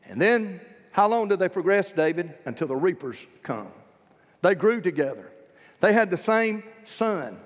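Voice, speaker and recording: A man preaches in a church sanctuary with a very high-pitched voice, telling his stories with rising, fervent emphasis. A long hall reverb trails behind every phrase. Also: expressive, normal speed, lo-fi sound. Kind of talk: sermon.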